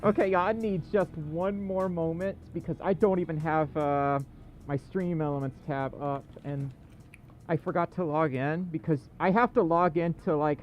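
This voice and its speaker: A male livestream host chatting casually with viewers, excitable and self-deprecating. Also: on the high side, normal speed, a little hiss or hum.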